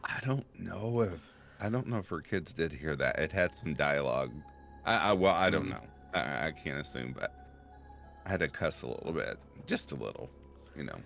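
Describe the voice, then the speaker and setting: A man hosting a casual podcast chat, with a deep voice full of rumbling subharmonics. He laughs often and tells stories in an animated way. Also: normal speed, vocal fry, a little hiss or hum. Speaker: podcast host and horror narrator.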